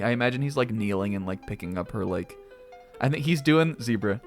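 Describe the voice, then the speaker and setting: A man's voice: mid-range voice, animated, a little fast, soft background music. Laughing, joking game streamer man. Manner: laughing, joking, swears freely. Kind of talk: casual let's-play commentary.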